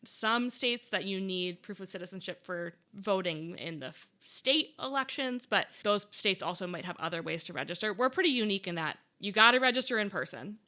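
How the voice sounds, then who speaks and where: A woman's voice: mid-range voice, animated, a little fast, few pauses, bright, forceful tone. A woman advocate guesting on a podcast, explaining rules in a matter-of-fact way with dry wit. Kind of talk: casual explanatory interview.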